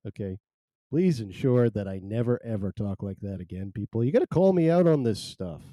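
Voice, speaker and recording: A man's voice: on the low side, expressive, fairly quick, mellow, no room sound, highs cut off. A man hosting a solo live stream, chatting in a rambling, wry, self-deprecating way.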